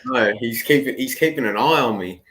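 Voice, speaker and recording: An Australian man, a motorcycle racer, answering podcast questions in a relaxed, easygoing way. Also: medium pitch, fairly quick. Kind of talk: casual interview chat.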